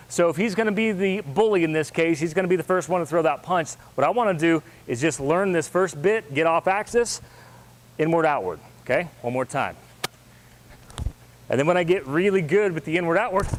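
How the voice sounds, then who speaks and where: A man's voice: on the high side, a little hiss or hum. Man calling counts in a class. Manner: calls counts, brisk encouraging cues. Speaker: martial arts instructor.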